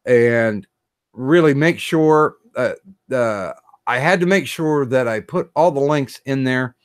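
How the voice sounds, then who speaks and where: A man of middle pitch hosting a casual podcast, speaking in halting bursts with frequent pauses. His voice is recorded close up, with a dry, dead sound and no room echo. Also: smooth. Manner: halting, many fillers and restarts. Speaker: podcast host.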